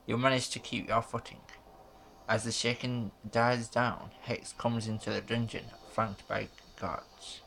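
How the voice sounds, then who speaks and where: Man reading game narration aloud, flat and gravelly, slow. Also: mid-range voice, slight background noise. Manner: flat, unhurried reading with small stumbles.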